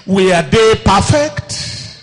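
A man preaching a sermon, swinging between shouted declarations and low, quiet asides, often calling out questions to the congregation. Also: expressive, very slow, in a large hall, faint music behind.

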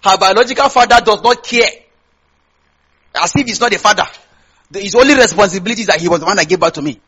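A Nigerian man preaching a sermon in a high, husky voice. He talks straight to the congregation and keeps asking them questions so they answer back. His accent is plainly Nigerian. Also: fast talker, bright, forceful tone, poor audio. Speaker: pastor.

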